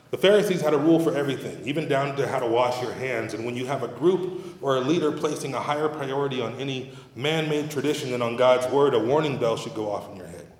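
A middle-aged man preaching a sermon as pastor, in a conversational, humorous and emphatic manner, in a church sanctuary. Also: medium pitch. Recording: roomy hall reverb.

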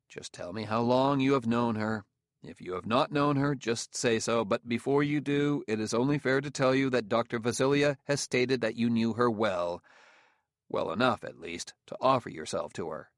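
A man reading an audiobook, voicing a dour middle-aged detective who questions calmly and patiently. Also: mid-range voice, dry recording, clean studio sound, close to an everyday voice.

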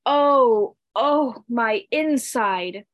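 A woman's voice: fairly high pitch, animated, a little mellow, no echo, muffled recording, exaggerated voice. Woman putting on a moaning underworld queen. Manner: pained drawn-out moans, then grand offers.

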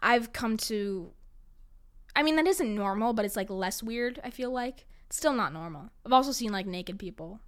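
Speaking at a moderate pace with an animated, fairly high voice, a young New York woman tells personal stories. Her casual monologue is chatty and dramatic, full of laughter and "like" fillers.

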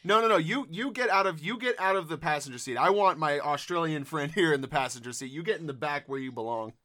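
A man playing an eager, gullible car buyer in an improvised comedy skit, excitable and quick to laugh. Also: on the high side.

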